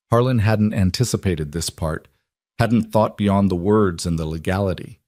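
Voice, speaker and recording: A man narrating a western romance story in a calm, measured scripted reading. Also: low voice, no echo, clean studio sound.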